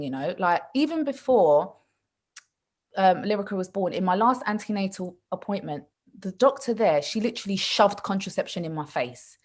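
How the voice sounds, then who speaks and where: A young woman chatting casually on a podcast, telling stories animatedly and acting out what others said. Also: mid-range voice. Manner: animated storytelling, laughs often, acts out quotes. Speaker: podcast co-host. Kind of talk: casual chat.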